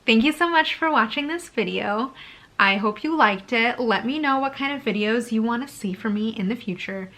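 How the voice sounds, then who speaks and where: A young woman from Brazil talks straight to camera in a relaxed sit-down vlog. Her voice is bright and ringing, and her delivery is chatty and animated, often broken up by quick laughs. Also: a little high. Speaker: YouTuber.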